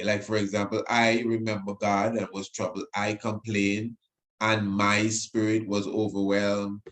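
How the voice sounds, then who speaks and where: Man preaching on radio, kinda low voice, gets emotional, drags out scripture lines. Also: a bit bright. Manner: emotional, repeats phrases, reads scripture slowly with emphasis. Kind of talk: radio Bible teaching.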